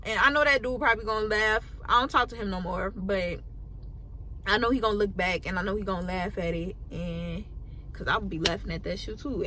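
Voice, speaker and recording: An eighteen-year-old woman vlogger telling a casual storytime, animated and full of slang and swearing. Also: mid-range voice, a little hiss or hum.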